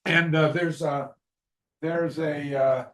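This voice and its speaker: An older man from Canada telling a story as a podcast guest, halting, with many restarts and fillers. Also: a little high, fairly even intonation. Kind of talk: casual storytelling interview.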